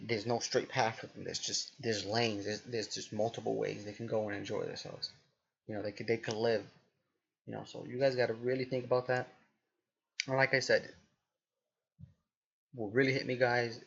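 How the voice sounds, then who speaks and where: Young man, low gravelly voice, halting and rambling, dull lo-fi recording. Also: fairly bright tone. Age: 20s. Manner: halting, many restarts and fillers. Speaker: vlogger. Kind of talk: rambling casual monologue to camera.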